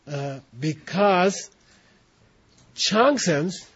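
A man's voice: sits high, lively intonation, extremely slow, fairly bright tone, slightly rough. A man teaching a class, often checking in with his students as he explains, in a dull lo-fi recording of a classroom. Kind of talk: classroom instruction.

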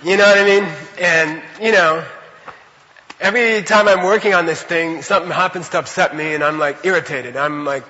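A man giving an animated, conversational Buddhist teaching to a class, often checking in with his listeners. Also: fairly high pitch, normal speed, long reverb tail, muffled recording. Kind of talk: dharma lecture to a class.

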